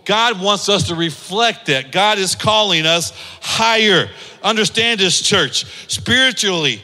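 A male pastor preaching with a bright, high-pitched voice. He fires off repeated rhetorical questions and lifts into a sing-song cadence. The sound rings out with a long church-hall reverb. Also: animated, measured pace. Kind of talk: sermon.

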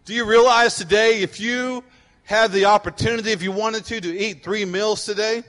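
A male pastor delivers a fervent sermon in a high, bright, forceful voice. He hammers his points by repeating them and rises to shouts, with a long reverb trailing off the walls of a large hall. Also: fairly even intonation, normal speed.

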